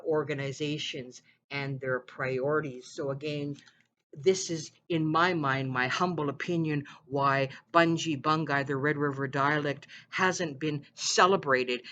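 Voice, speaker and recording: A podcast host from Manitoba, speaking earnestly in casual commentary, with frequent pauses and "uh"s. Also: mid-range voice, bright, forceful tone, lo-fi sound, slight background noise. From Manitoba, Canada. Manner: earnest, halting, with frequent "uh" and "again".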